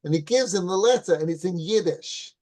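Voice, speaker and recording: A middle-aged man with a fairly high but mellow voice, teaching as a rabbi. He tells his story loosely, restarts his phrases and keeps asking his listeners "right?" to make sure they follow. The delivery is warm-toned and conversational rather than formal. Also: brisk. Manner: relaxed anecdotal teaching with restarts. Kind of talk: Torah class storytelling.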